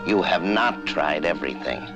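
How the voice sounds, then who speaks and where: A man's voice: low voice, animated, normal speed. A man voicing a sneering, bossy male ventriloquist dummy in an old TV drama. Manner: bossy, scornful. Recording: old TV audio with music. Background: music.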